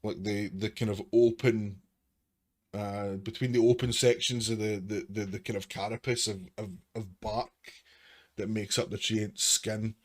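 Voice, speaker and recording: A man's voice: lowish voice, flat delivery, measured pace. A man narrating a tabletop game as game master, with a hesitant, filler-laden way of talking. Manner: hesitant, many repeated fillers.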